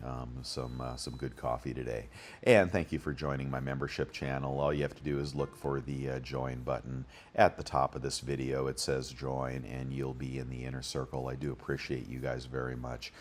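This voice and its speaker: A man's voice: a bass voice, fairly even intonation, moderate pace, slight background noise. A man hosting a bullion deals channel, talking casually and rambling through prices with many fillers. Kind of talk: casual screen-share commentary.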